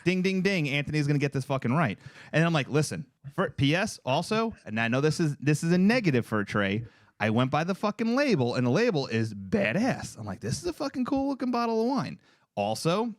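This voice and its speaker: A man in his thirties co-hosting a podcast, telling a story in casual chat, animated and profane. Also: fairly high pitch, a little fast, no room sound, studio quality. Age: 30s. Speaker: podcast co-host.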